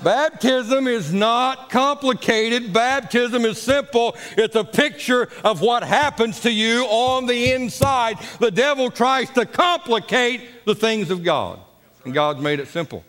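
A pastor preaching in his church with a high voice and a folksy, repetitive manner. His words carry a long church reverb. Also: a little slow, a bit bright. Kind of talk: sermon. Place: church sanctuary.

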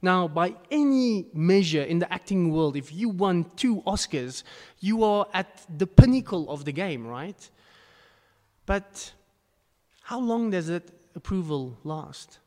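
Guy preaching, kinda high voice, earnest and punchy, big echoey church hall. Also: expressive, takes it slowly, darkish tone. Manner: earnest, rising to emphatic bursts. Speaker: pastor. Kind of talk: sermon. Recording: long hall reverb.

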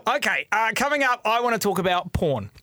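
A woman with a New Zealand accent, co-hosting a podcast in a bubbly, excitable chat. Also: medium pitch, a little fast, no room sound, studio quality. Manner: bubbly, excitable, laughs often. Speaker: podcast co-host. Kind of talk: casual chat.

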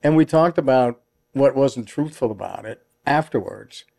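Man, gravelly edge, quiet and soft-spoken, podcast host, casual talk. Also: medium pitch, moderate pace, dry recording.

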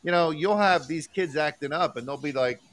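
A man's voice: on the high side, fairly quick, fairly bright tone. A man hosting a casual podcast chat, emphatic and agreeable, swearing freely.

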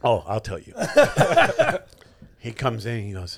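A man's voice: lowish voice, huge pitch swings, slow, pauses often, crowd noise. A man on a podcast telling a story in casual chat, swearing often and laughing as he acts out what others said. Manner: profane, laughing storyteller acting out quotes. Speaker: podcast co-host.

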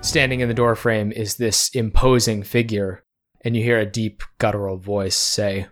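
A man with a fairly low voice runs a tabletop game as its game master. He describes scenes calmly and in detail, like a storyteller setting the stage for his players. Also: normal speed, soft background music.

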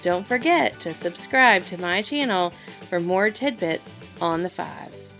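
A woman who hosts a faith-based parenting podcast and serves as an associate pastor. She reads a scripted welcome, then asks measured questions. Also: on the low side, animated, fairly bright tone, faint music behind.

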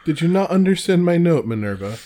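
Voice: mid-range voice, expressive, fairly quick, a little mellow, lightly acted. A podcast co-host reading the part of a simpering, sugary middle-aged woman official in a honeyed, falsely polite tone. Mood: saccharine. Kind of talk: reading a novel aloud on a podcast.

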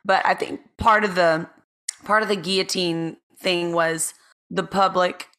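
Bright, lower-pitched woman podcast co-host. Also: steady tone, measured pace. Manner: chatty, loose, laughing asides. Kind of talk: casual chat.

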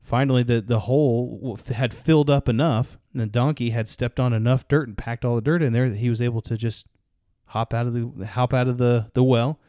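A man's voice: mid-range voice, fairly even intonation, a little fast, hardly any pauses, dark tone, no echo, studio quality. A man co-hosting a podcast, telling a story in a rambling way with frequent restarts. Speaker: podcast co-host. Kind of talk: casual podcast talk, storytelling.

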